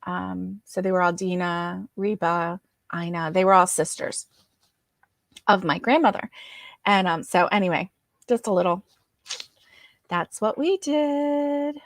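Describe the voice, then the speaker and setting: A woman's voice: on the low side, fairly even intonation, normal speed, creaky, pauses often, dry recording, clean studio sound. A woman hosting a casual crochet livestream, reading viewer comments aloud and greeting each viewer by name.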